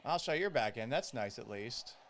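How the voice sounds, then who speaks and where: A man's voice: medium pitch, animated, normal speed, fairly bright tone, a little hiss or hum. A man hosting a live podcast watch party, reading viewer comments and commenting on the game in a casual, joking way, swearing freely. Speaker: podcast host.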